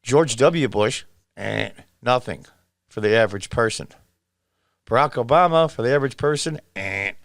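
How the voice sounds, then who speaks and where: A man in his sixties from upstate New York reacts to footage with emphatic, casual political commentary, repeating himself and exclaiming. His medium-pitched voice is expressive with vocal fry, at a moderate pace, recorded cleanly in a studio with no echo.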